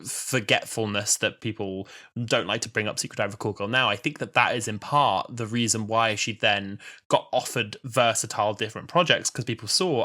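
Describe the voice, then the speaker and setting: A man in his twenties co-hosting a podcast, chatting casually and retelling scenes in an animated way. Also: lowish voice, brisk, hardly any pauses. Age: 20s. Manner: animated storyteller acting out quoted lines with laughter. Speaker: podcast co-host. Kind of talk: casual chat.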